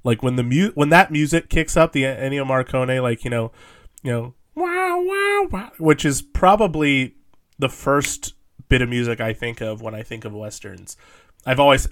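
A man talks through a film in a loose, rambling way, circling his points with fillers and restarts. His pitch sits in the middle, and he laughs easily along the way. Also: moderate pace, fairly bright tone. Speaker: podcast co-host. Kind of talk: casual film discussion.

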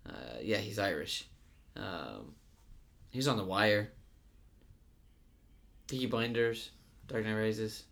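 Low-voiced man chatting casually about films. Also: lively intonation, slow, gravelly, pauses often, fairly bright tone. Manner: rambling, many fillers and restarts. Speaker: podcast co-host. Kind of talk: casual movie discussion.

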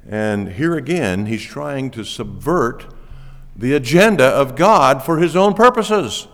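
A man preaching a sermon as pastor, lively and animated, laughing now and then. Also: medium pitch, normal speed, gravelly. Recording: long reverb of a church hall.

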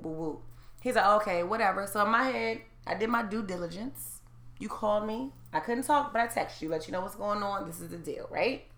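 Thirties woman, loud and foul-mouthed storyteller, bright forceful voice, echoey room. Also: mid-range voice. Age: 30s. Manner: loud, profane and animated, rising to shouts when heated. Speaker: storyteller in a group chat. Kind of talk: casual chat, telling a story.

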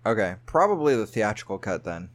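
A man's voice: lowish voice, sing-song, brisk. A man co-hosting a podcast in casual chat, jokey and loose, laughing often. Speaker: podcast co-host.

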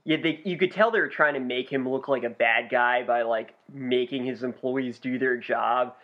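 Laid-back, dry young podcast co-host. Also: male voice, mid-range voice, moderate pace. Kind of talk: casual chat. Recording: dull lo-fi podcast recording.

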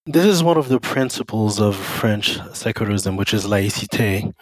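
A man talking as a podcast guest, calmly explaining in casual conversation. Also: lowish voice, normal speed, no echo, rough recording. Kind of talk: casual interview chat.

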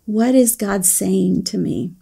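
A woman giving a reflective devotional talk, earnest and searching, pausing often with soft fillers as she speaks. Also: medium pitch, vocal fry, slightly rough.

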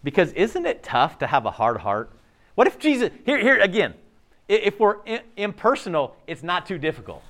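A man preaching a sermon in a conversational, animated way, often restarting his sentences. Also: high-pitched, moderate pace. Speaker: pastor.

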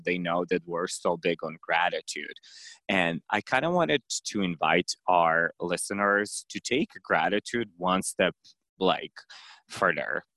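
Deep guy hosting a podcast, rambly and stuttery, dry sound. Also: fairly bright tone, dry recording. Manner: rambling, lots of fillers and stutters. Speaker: podcast host. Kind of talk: casual chat.

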